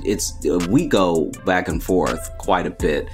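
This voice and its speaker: A man's voice: low voice, soft background music. A man co-hosting a casual comedic podcast, telling stories at an easygoing pace and often answering with "mm-hmm". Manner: easygoing, drawn-out storytelling with frequent affirmations. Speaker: podcast co-host.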